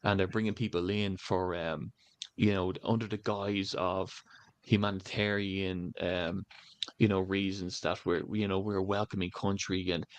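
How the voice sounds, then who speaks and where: Rambling Irish man, low voice. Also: little pitch movement, moderate pace, no echo. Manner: rambling, many "you know" fillers. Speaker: election candidate canvassing. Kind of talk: casual interview talk.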